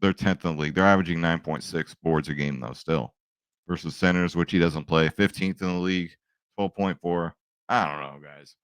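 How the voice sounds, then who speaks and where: Man, young adult, chatty and upbeat betting picks host, low voice, dry close sound. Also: moderate pace, clean tone, no echo. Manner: chatty, upbeat, says "right?" and "guys" a lot. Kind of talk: casual picks video talk.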